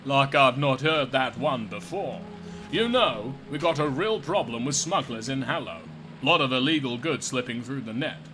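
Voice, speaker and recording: A man voicing a gruff suspicious guard. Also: medium pitch, lively intonation, normal speed, over music, natural voice.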